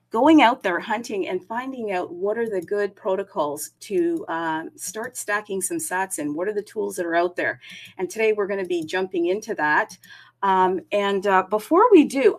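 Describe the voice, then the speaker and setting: A woman hosting a casual livestream, chatty and upbeat. She greets her viewers city by city and sprinkles her talk with fillers and asides. Her pitch sits in the middle for a woman. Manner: frequent fillers, self-aware about talking fast. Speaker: livestream host. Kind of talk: casual crypto livestream chat.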